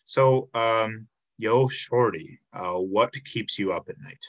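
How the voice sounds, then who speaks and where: A man's voice: on the low side, takes it slowly. A man hosting a casual interview show, asking questions with many "um"s and "uh"s. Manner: friendly, filler-heavy questions. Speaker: podcast host.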